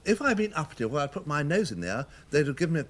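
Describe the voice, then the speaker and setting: A man's voice: a little high, big pitch swings, rapid-fire. An older titled man speaking in a chatty, upper-class, self-deprecating way. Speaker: titled guest.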